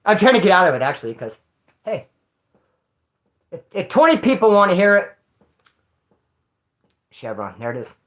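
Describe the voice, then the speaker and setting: A man's voice: high-pitched, very animated, moderate pace, pauses often, poor audio. Rambling, slangy man telling a story. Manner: rambling, slangy, swears freely; jumps between loud bursts and mutters. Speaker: livestreamer. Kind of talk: casual storytelling to a live chat.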